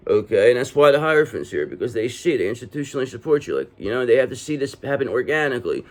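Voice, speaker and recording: A man's voice: mid-range voice, sing-song, quick pace. Man giving a reassuring tarot reading. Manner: reassuring, talks straight to the viewer, many "okay?" tags. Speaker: tarot reader.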